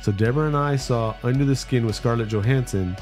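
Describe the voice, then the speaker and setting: A man's voice: medium pitch, quick pace, darkish tone, faint music behind. A man with bronchitis co-hosting a horror movie podcast in casual, joking chat. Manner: joking, rambling, plugs socials. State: sick with bronchitis. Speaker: podcast co-host.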